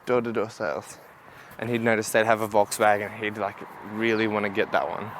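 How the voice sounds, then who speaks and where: A man's voice: on the low side, level tone, fairly quick, a little hiss or hum. Rambling young man on a walk-and-talk vlog. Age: young adult. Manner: rambling and chatty, laughs at his own stories. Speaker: vlogger. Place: outdoors, walking.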